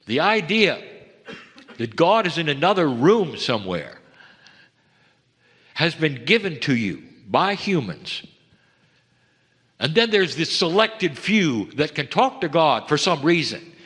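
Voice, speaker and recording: A man giving a slow, earnest channeled spiritual talk, pausing between phrases, recorded in a lecture hall. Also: fairly high pitch, big pitch swings, fairly bright tone, breathy edge.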